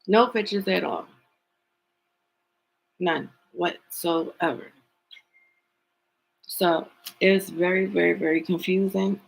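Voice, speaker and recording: Gravelly, emphatic tarot reader. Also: medium pitch, rough recording. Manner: emphatic, repeats words for stress; asks pointed rhetorical questions. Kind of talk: opinionated commentary vlog.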